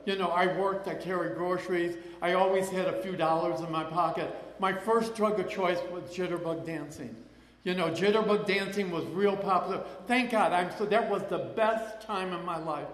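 An older man with a somewhat high voice tells a rambling personal testimony, circling back and acting out remembered voices. The sound is roomy, with a long reverb trailing each phrase. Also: moderate pace, a bit bright. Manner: rambling, with many restarts and acted-out quotes. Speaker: person sharing a recovery story. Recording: echoey hall with long reverb.

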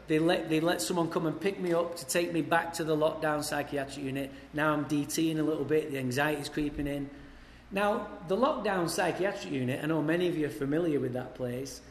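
Englishman, blunt wry storyteller at a recovery meeting, slightly high voice, echoey hall with long reverb. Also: slight background noise. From England. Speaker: recovery speaker. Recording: echoey hall, faint ambience.

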